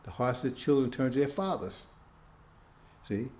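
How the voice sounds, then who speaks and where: A man's voice: medium pitch, animated, normal speed, a little mellow, reverberant. A man preaching informally, in a conversational tone, often checking in with his listeners with short questions. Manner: conversational, keeps asking "see?".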